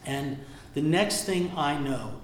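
A man's voice: on the high side, lively intonation, slow pace, a little hiss or hum. A man preaching a sermon as a pastor, telling a personal story in a conversational way and asking the congregation questions. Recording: very echoey hall from far off.

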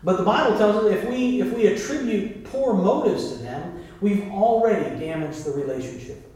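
A pastor preaches a sermon in a loose, conversational way, often calling out to his congregation. His voice sits high for a man. It rings through a big, very echoey sanctuary from a mic set well away from him. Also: animated, moderate pace, a little mellow. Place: church sanctuary. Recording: very echoey hall, mic far off.

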